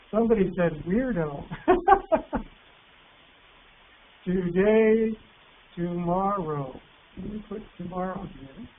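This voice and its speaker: A man presenting an online teacher workshop, patient and encouraging, reading words out slowly. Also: high-pitched. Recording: tinny phone-like line with faint hiss.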